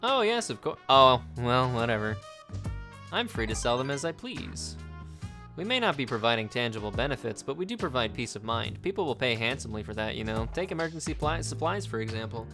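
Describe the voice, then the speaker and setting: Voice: medium pitch, big pitch swings, a little fast, over music. A streamer reading out the lines of a smug, scheming male businessman who lectures the listener. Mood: smug lecturing.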